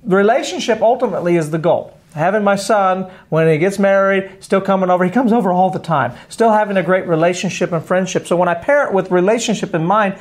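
Brief: middle-aged male pastor, upbeat radio devotional host, energetic and joyful, preaches as he chats. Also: high-pitched, fast talker, few pauses.

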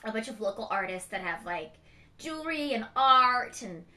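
A woman's voice: fairly high pitch, lively intonation, normal speed, sharp tone. A middle-aged mother chatting frankly and emotionally in a casual home vlog. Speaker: beauty vlogger, mother.

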